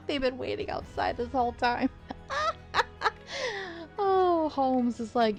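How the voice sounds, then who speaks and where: A woman's voice: fairly high pitch, a little slow, soft background music. Giggly woman commenting on a game. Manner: giggly, chatty, reacting aloud. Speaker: game streamer. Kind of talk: casual playthrough commentary.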